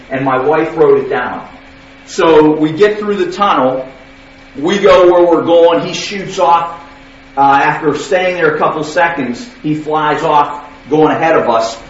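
A man's voice: sits high, slight background noise. A man preaching in a conversational storytelling way, often checking in with "okay?". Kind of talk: sermon storytelling. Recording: distant, echoey, dull hall recording.

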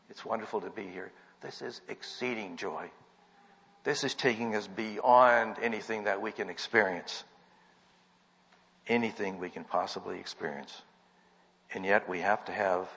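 A man's voice: mid-range voice, fairly bright tone. A man delivering an earnest sermon that rises to emphatic peaks. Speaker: preacher. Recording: dull recording in a reverberant hall.

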